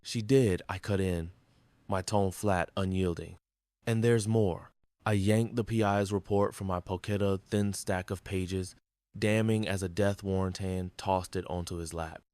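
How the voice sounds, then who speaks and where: Low male narrator, grim and measured, dry close recording. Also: fairly even intonation, darkish tone, no echo. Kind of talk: scripted story narration.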